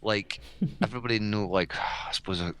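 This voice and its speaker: A man's voice: on the low side, normal speed, fairly bright tone, smooth. A man co-hosting a podcast in casual chat, swearing heavily and ranting with frequent laughs. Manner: profane, ranting, laughs often. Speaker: podcast co-host.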